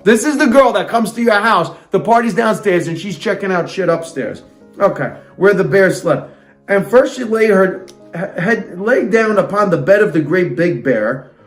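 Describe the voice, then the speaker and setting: A man's voice: high voice, expressive, moderate pace, echoey room, faint music behind. A man reading a fairytale aloud and breaking off into sarcastic, indignant comic rants. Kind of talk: comic storybook reading with ranting asides.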